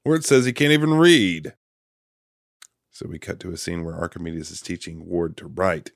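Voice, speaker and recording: A man hosting a casual podcast, retelling a film's plot with lively delivery and quick quoted voices. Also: sits low, gravelly, dry recording, clean studio sound. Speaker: podcast host recapping a film.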